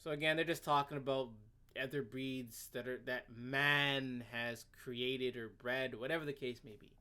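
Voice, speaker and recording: A man reads web text aloud and picks it apart in a sarcastic, exasperated rant. He stammers and restarts constantly, and his voice swings between loud outbursts and low muttering. His pitch sits in a middling range. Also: fairly even intonation, moderate pace, clear, resonant tone. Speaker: commentary video host. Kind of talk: ranting commentary while reading a web page aloud.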